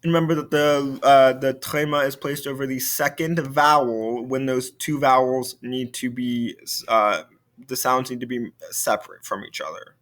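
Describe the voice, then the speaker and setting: A man's voice: medium pitch, fairly even intonation, moderate pace, fairly bright tone. A male French teacher giving a recorded video lesson, explaining patiently and repeating key points.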